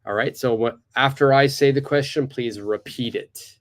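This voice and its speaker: Man, English teacher running a live online class from his computer, upbeat and encouraging, drills phrases slowly. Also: mid-range voice.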